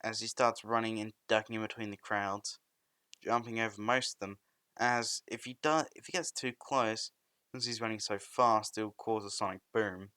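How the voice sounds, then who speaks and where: A man's voice: fairly low pitch, steady tone, normal speed, sharp tone, clear, resonant tone, no echo. A young man narrating a fan story in a rambling, loosely improvised way, often restarting sentences.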